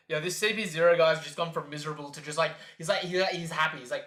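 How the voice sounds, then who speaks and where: A man's voice: fairly high pitch, fast talker, hardly any pauses, bright, forceful tone, roomy sound. A man streaming a live reaction, chatting casually and reading comic panels aloud in exaggerated voices.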